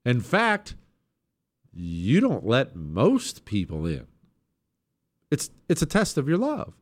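A man's voice: mid-range voice, slow. Emphatic male talk radio host. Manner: emphatic, sarcastic, lively delivery. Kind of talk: political talk radio monologue.

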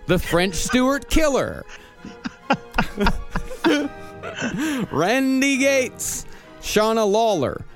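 Slow-talking guy co-hosting, reading names kinda offhand, high voice swinging way up and down. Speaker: podcast co-host. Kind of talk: reading supporter names with banter.

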